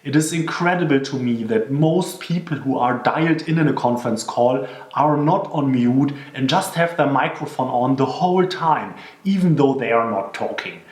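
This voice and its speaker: A man explains conference call etiquette in an earnest, instructional way, slowing down whenever he repeats a key piece of advice. His voice sits at an ordinary middle pitch. The recording carries a noticeable room echo. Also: a little mellow. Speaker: presenter giving workplace tips. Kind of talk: instructional talk to camera. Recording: echoey room.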